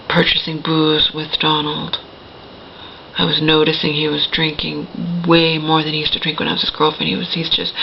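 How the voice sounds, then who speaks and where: Gravelly middle-aged woman telling her story. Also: low voice, dull audio, a little hiss or hum. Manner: rambling, emphatic, repeats "okay?" and self-corrects. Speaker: vlogger. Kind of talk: personal storytelling to camera.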